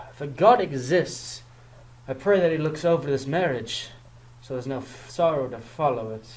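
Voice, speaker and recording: A student performing every role in a homemade audio drama, swinging between hushed lines and loud outbursts. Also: medium pitch, slight background noise, poor audio.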